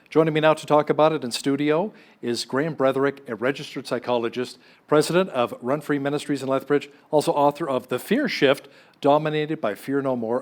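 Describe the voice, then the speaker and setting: A man with an average-pitched voice anchors a TV news segment from the studio. He introduces his guest and poses questions in a clear, conversational way. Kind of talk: TV news interview.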